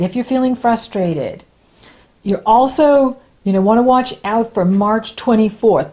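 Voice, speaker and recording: A woman astrologer talks through a horoscope reading in a relaxed, chatty way. Her voice sits a little high, and she often laughs between points as she offers encouraging advice. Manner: warm, encouraging advice-giving. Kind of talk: casual spoken horoscope reading.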